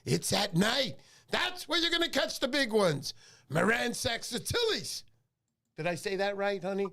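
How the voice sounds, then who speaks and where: A man hosting a fishing livestream, chatting in an animated, joking, rambling way. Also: high voice, moderate pace, creaky. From New York. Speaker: livestream fishing show host. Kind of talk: casual livestream chat.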